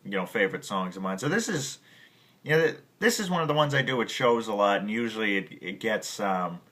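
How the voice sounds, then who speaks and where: In a casual music tutorial, a male piano teacher speaks fairly quickly in a lowish, expressive voice with a fairly bright tone. His talk rambles with frequent restarts, and he stops to sing and scat rhythms.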